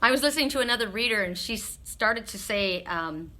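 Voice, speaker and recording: A woman's voice: a little high, lively intonation, fairly quick, sharp tone, slight background noise. A woman doing spiritual readings on a live stream, chatting frankly with viewers, laughing often and swearing freely.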